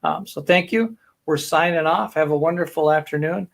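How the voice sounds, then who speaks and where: A man's voice: fairly high pitch, normal speed, vocal fry. A man hosting a real estate panel event, wrapping up and thanking sponsors in an upbeat way. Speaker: event host. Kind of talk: closing remarks at a panel event.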